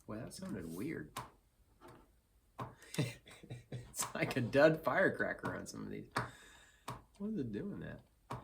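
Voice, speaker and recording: A man teaching acoustic guitar in a relaxed, self-deprecating way, counting beats aloud and filling pauses with ums. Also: mid-range voice, vocal fry, a little hiss or hum. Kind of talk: casual instructional talk. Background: acoustic guitar playing.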